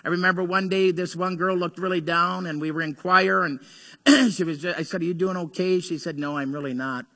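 A male pastor preaching a sermon, telling stories earnestly, rising to urgency and dropping to hushed tones. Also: high-pitched, steady tone, fairly quick. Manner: earnest storytelling, swings between urgent and hushed. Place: church sanctuary. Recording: long hall reverb.

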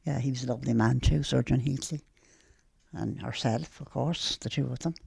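Gravelly elderly Dublin woman reminiscing. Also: rumbling low, moderate pace, no room sound. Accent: Dublin Irish. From Ireland. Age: older. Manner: lively and plain-spoken, acting out old conversations. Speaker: interviewee. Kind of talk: storytelling reminiscence.

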